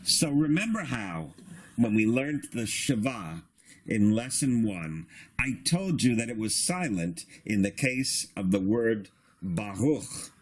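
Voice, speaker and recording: A man teaching a beginner reading lesson in a patient, instructive way, sounding out syllables slowly. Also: lowish voice. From Australia. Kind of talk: slow recorded reading lesson.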